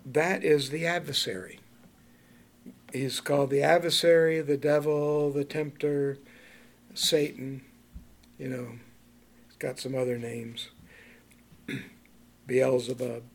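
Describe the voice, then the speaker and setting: A man speaks slowly in a gravelly, mid-range voice with a level tone, pausing often. He's teaching the Bible to a small group conversationally, quizzing them, laughing a lot, and reading verses aloud in King James wording.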